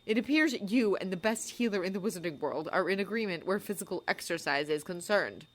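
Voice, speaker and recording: A woman's voice: medium pitch, animated, fairly quick, close to an everyday voice. A woman reading a fan story aloud, voicing a dour, sardonic male potions master in a dry tone.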